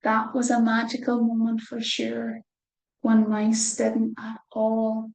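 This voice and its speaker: A woman reading a picture book aloud to children, gentle, with soft whispered asides. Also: on the high side, monotone, moderate pace, vocal fry, reverberant, poor audio. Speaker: children's storyteller.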